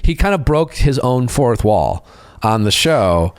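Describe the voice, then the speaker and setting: A man's voice: medium pitch, very animated, unhurried, clear, resonant tone, no room sound. Man hosting a podcast, dry close sound. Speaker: podcast host. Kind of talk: casual chat.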